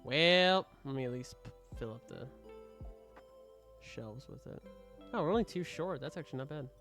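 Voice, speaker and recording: A man's voice: a little high, animated, normal speed, a bit bright. A young man casually commenting while streaming a game, joking and mock-scolding the customers, with faint music behind him.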